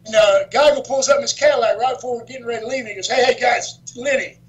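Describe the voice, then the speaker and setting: An older man, a guest on a podcast, telling stories in a lively way, laughing often as he talks. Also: extremely high pitch, very fast, rough recording. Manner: lively storyteller, chuckles often, acts out others' lines. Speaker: guest, former wrestler. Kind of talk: storytelling in a podcast interview.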